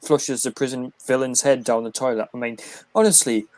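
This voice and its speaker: A man in casual podcast banter, his voice mid-pitched and close to the mic. The sound is dry, with little room around it. He rambles loosely through his stories and laughs at them. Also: brisk, a little mellow, no room sound. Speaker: podcast co-host. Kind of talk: casual chat.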